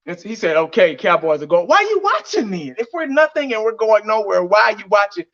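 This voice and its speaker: A man's voice: high voice, sing-song, a little fast, a bit bright. A man giving blunt, heated fan commentary on his vlog, laughing mockingly as he rants. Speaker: fan vlogger. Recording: dull lo-fi audio.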